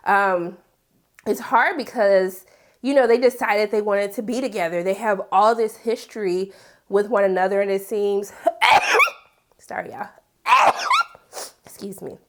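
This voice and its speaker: A woman talking casually as she recaps a TV episode, animated and sassy, with big incredulous jumps in pitch and asides like "honey.". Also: unhurried, long pauses. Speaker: TV recap vlogger. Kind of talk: casual chat.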